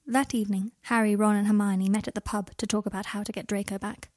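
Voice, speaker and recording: Soft-spoken woman reading a story. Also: flat delivery, fast talker, no echo, clean studio sound. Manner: soft, low-key narration. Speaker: audiobook reader. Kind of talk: fan fiction reading.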